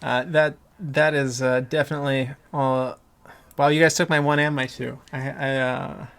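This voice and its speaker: A man's voice: mid-range voice, little pitch movement, moderate pace, creaky, a bit bright, clean tone. A man hosting a casual movie podcast roundtable, talking in a rambling way with many fillers and restarts. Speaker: podcast host.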